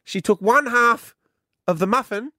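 A woman's voice: on the high side, a little slow, no echo, clean studio sound. Ranting woman co-host. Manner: indignant, ranting, deadpan. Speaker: radio host. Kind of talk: casual on-air banter.

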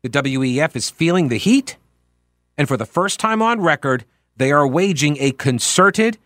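A man with a somewhat high voice hosts a political talk show in a sarcastic, mocking tone, hammering his points home with emphasis. The studio sound is dry and close, with no room around it. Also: expressive, moderate pace, a bit bright, no echo. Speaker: radio talk show host. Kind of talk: opinionated political talk monologue.

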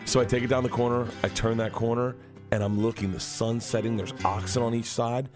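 A man's voice: mid-range voice, fairly even intonation, normal speed, long pauses, music in the background. A man telling a long comic story on a morning radio show, acting out the voices of others. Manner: acts out voices, swings loud and laughing. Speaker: comedian guest. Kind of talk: animated storytelling. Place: radio studio.

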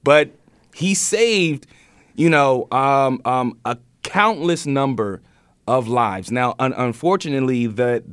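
A man's voice: medium pitch, slow, fairly bright tone, clean tone, dry recording, clean studio sound. A man hosting a news podcast, reading stories and then chatting about them with many fillers and restarts. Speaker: podcast host.

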